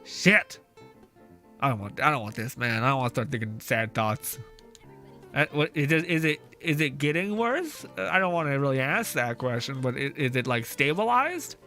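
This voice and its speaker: A male streamer chats casually as he plays, reading chat aloud, cursing often and laughing easily. His mid-range voice is expressive and sharp, at a normal pace. He talks through a face mask, with faint music in the background.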